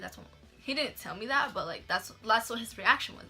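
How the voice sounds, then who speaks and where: A young woman tells a story on her vlog in a casual, chatty way. She swears freely and says "like" constantly. Her voice sits a little high and sounds very bright and sharp, with faint music behind her. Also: animated, a little fast. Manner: mixes in Spanish words. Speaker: vlogger.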